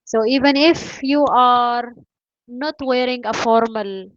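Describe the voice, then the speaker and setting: High-voiced woman teaching an online class. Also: slow. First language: not English. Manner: encouraging, repeats "you know" and "uh". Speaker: English teacher. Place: home, video call. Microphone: video call mic. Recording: dull lo-fi video call audio.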